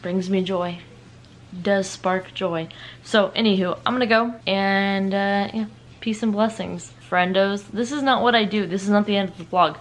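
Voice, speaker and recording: A woman's voice: medium pitch, steady tone, normal speed, a little hiss or hum. Chatty young woman vlogging casually. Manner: chatty, rambling and self-mocking. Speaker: book vlogger. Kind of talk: casual vlog chat. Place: home, indoors at night.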